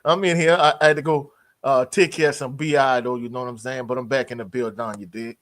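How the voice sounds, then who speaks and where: A man with an ordinary mid-pitched voice hosts a live college sports stream, talking quickly in a laid-back, slangy way. He keeps shouting out to people in the chat during his casual sports talk.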